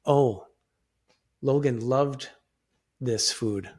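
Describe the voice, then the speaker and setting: A middle-aged man talks as a podcast guest in a plain, mid-pitched voice. He speaks reflectively and haltingly, restarting his sentences often as he works through his thoughts. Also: a little mellow, slightly rough. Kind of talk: conversational interview.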